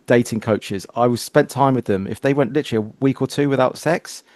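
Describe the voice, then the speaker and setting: A man hosting a casual interview, animated as he tells stories and acts out quoted exchanges. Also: mid-range voice, brisk, dry recording. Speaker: podcast host.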